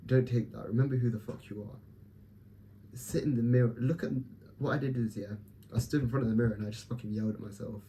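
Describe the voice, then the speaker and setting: Blunt, profane young man vlogging, very dark voice. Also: medium pitch, steady tone, quick pace, a little hiss or hum. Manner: blunt, profane, self-motivating pep talk. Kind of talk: candid personal vlog.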